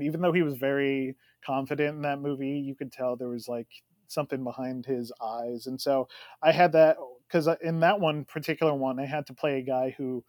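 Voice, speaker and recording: A young man co-hosting a podcast, telling stories in an animated, laughing way. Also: medium pitch, no echo, studio quality. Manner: animated, storytelling with frequent laughs. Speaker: podcast co-host. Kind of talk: casual chat.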